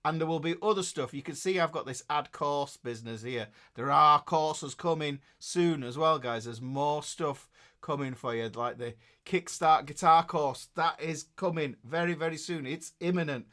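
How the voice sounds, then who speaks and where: A man's voice: a little high, normal speed, pushed and bright. A middle-aged man, chatting casually as a guitar teacher hosting a live class and reading out viewers' names with jokes and fillers. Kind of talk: casual live-stream chat.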